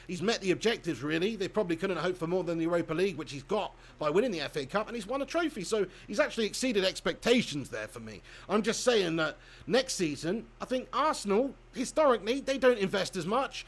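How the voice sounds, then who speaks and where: A man's voice: high voice, fairly bright tone. A young man hosting a casual football watch-along stream, chatting and laughing as he reads comments and calls the chances.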